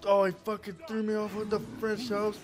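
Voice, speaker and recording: A young man giving excited, profane let's play commentary, often shouting as he plays. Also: high voice, a little fast, noisy background. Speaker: gamer.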